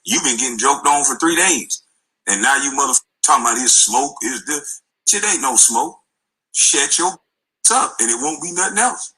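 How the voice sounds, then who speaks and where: A man's voice: mid-range voice, expressive, moderate pace, sharp tone, slightly rough, low-quality recording. A man delivering a heated, confrontational and profane rant, with scornful laughs. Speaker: guest.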